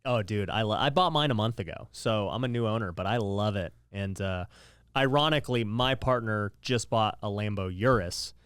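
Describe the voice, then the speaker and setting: A man's voice: fairly low pitch, normal speed, a bit bright, smooth, no echo, studio quality. An easygoing man in his thirties hosting a casual interview, agreeable and chatty. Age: 30s. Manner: easygoing, agreeable, says dude a lot. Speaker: podcast host.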